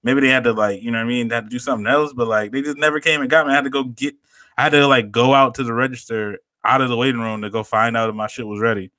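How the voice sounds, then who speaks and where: A man's voice: medium pitch, steady tone, racing, sharp tone, dry recording. A young man on a podcast, casually telling a story with lots of slang and swearing. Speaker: podcast co-host. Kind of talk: casual chat.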